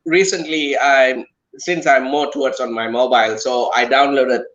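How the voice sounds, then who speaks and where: A man's voice: mid-range voice, steady tone, moderate pace, a bit bright, highs cut off. A man in a casual football chat, talking earnestly and often checking in with "you know" and "right". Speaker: guest on a watch-along.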